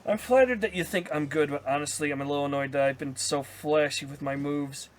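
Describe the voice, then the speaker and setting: A man's voice: a little high, fairly quick, soft background music, voice pushed down, natural voice. Vain sneaky killer, as a man puts him on. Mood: annoyed. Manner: annoyed, self-regarding.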